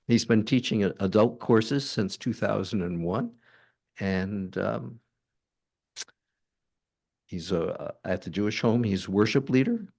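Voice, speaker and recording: A man hosting a church forum, introducing the guest speaker to the audience in a halting, light-hearted way. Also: lowish voice, gravelly, darkish tone, breathy edge. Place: church meeting room.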